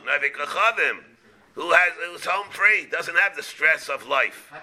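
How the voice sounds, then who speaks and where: A man, a rabbi teaching a Talmud class, explaining in a halting way, often repeating words and mixing Hebrew and Aramaic terms into his English. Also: a little high, animated, sharp tone.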